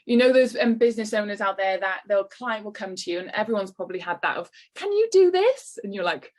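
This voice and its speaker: A woman's voice: medium pitch, steady tone, fast talker. A woman giving an encouraging online workshop talk to business owners over a video call. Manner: encouraging, lightly acts out quoted voices.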